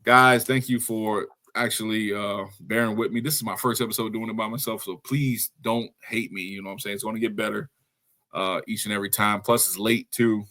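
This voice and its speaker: A man's voice: on the low side, steady tone, brisk, pushed and bright. A man hosting a wrestling podcast alone, recapping the show in a loose, rambling way with slangy asides to his listeners, tired after a long day. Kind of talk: casual solo show recap.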